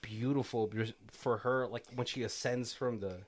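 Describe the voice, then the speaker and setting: A man co-hosting a casual movie podcast, talking in a rambling, animated way and laughing often. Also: mid-range voice, normal speed. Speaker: podcast co-host.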